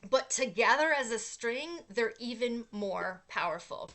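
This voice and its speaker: A woman's voice: fairly high pitch, a little slow. A middle-aged woman hosting a casual inspirational talk, telling a personal story earnestly, with fillers. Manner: earnest storytelling with fillers, animated when acting out quotes. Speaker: host.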